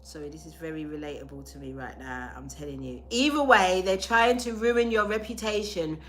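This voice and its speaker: A young woman giving a live tarot reading to viewers, loud, profane and animated, with a sore throat. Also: sits low, brisk, faint music behind. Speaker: tarot reader.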